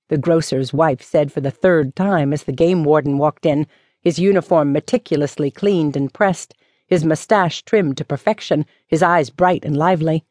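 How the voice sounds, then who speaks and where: A woman narrating a mystery novel as an audiobook, with measured, even storytelling. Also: deep voice, dry recording. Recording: dry studio audiobook.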